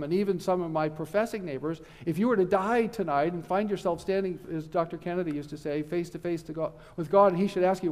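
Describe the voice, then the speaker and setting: A middle-aged man delivers a conference lecture, earnest and emphatic with the odd wry aside. His voice sits a little high, and his words ring out through the long reverb of a church hall. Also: a little mellow.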